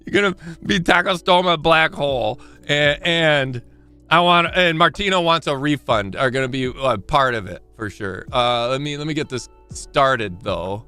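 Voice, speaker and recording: A man chatting casually on a live stream, rambling and self-deprecating, often restarting his sentences and getting excitable. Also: on the high side, measured pace, clear, resonant tone, soft background music.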